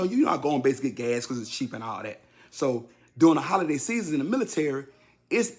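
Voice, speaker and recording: Gravelly, lively man in his fifties. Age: 50s. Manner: animated, leaps high and loud when acting out quotes; talks straight to the audience, repeating himself. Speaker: storyteller. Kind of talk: casual personal storytelling.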